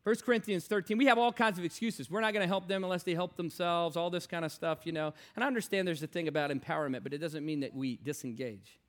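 A man preaching a sermon and telling stories, impassioned and repetitive, swinging from loud declarations to hushed storytelling. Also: fairly high pitch, quick pace, hardly any pauses.

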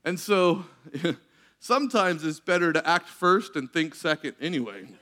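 High-voiced animated male preacher. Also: unhurried. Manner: animated, laughs often, acts out quotes. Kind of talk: sermon storytelling.

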